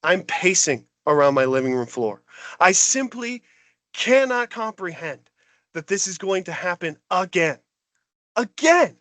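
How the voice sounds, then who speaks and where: High-voiced man on a sports rant. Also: unhurried, no echo. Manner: exasperated, animated ranting. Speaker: podcast co-host.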